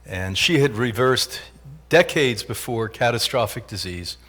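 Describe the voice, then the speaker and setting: Animated older man lecturing an audience. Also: mid-range voice, measured pace. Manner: animated, joking, often laughs at his own lines. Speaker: health institute director giving a talk. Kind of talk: motivational lecture to a live audience.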